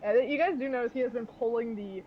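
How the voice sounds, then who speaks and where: A man's voice: extremely high pitch, fast, dull audio, slight background noise. A man narrating as game master of a tabletop game, loose and full of fillers.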